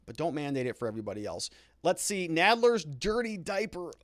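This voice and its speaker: A man's voice: on the high side, big pitch swings, brisk, dry recording, studio quality. A man hosting a live commentary show, reading viewer comments aloud and reacting with indignant, sarcastic asides. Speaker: lawyer and show host.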